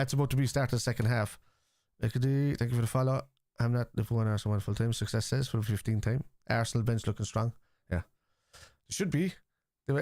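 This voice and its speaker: A man with a Liverpool accent talks loosely and rambles as he hosts a live football watchalong. He reads chat messages aloud and is quick to scoff at critics. His voice sits at a middling pitch and is recorded close and dry. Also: darkish tone, no echo. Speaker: live-stream watchalong host. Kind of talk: casual live-stream chat.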